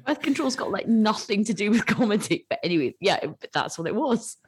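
A woman's voice: medium pitch, expressive, fairly quick, husky. A Scottish woman in her forties, a guest in a casual podcast interview, telling stories with animation and frequent laughter. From Scotland.

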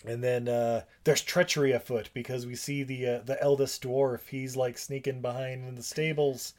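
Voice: medium pitch, flat delivery, normal speed, a little mellow. Casual co-host, loose rambling recap, heavy fillers, jumps into character voices. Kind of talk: casual chat recapping a film.

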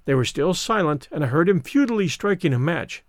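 An audiobook narrator reads a classic novel in the first person, measured and wry. His voice is slightly high, with very lively, animated pitch, and the recording is dry and close with no room sound.

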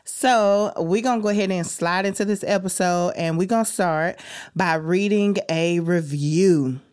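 A young adult woman hosting a faith-based self-care podcast, talking like an encouraging big sister with high, excited bursts. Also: measured pace, clear, resonant tone. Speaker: podcast host.

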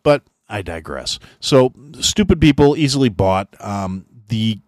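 A man's voice: on the low side, sing-song, a little slow, no room sound, clean studio sound. A middle-aged man hosting a podcast, delivering an angry, sarcastic, profane rant and mocking others in whiny voices. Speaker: podcast host. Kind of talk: profane ranting monologue.

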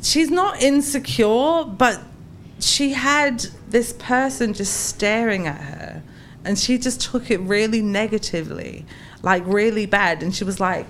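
South london woman on a podcast, chatty and animated, laughs a lot while telling stories, faint hum behind. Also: a little high, unhurried. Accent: South London English. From England. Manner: animated storytelling with frequent laughter. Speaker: podcast guest. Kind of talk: casual chat.

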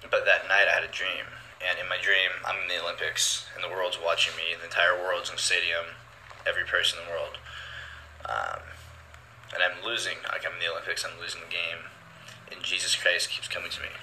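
Deep, bright-edged earnest young man. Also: fairly even intonation, slight background noise, low-quality recording. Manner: halting, earnest, many restarts and ums. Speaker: storyteller sharing a testimony. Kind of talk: personal testimony, casual retelling.

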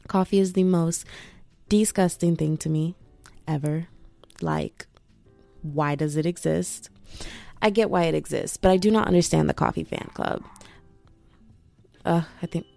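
A woman's voice: low-pitched, unhurried, creaky, long pauses, mellow, no echo, soft background music. A young woman vlogging in a chatty, rambling way, full of asides and "like"s. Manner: chatty, self-interrupting, many "like"s. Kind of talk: casual rambling chat.

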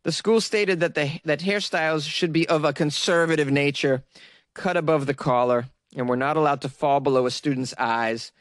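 A man's voice: a little high, moderate pace, no room sound, clean studio sound. A young man from Massachusetts hosting casual news commentary, with joking, sarcastic asides. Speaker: host.

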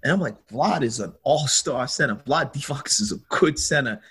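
A husky-voiced middle-aged man spins a lively story. He jumps into other people's voices and laughs along as he goes. His pitch sits in the middle. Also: normal speed. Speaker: guest telling a story. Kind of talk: animated storytelling.

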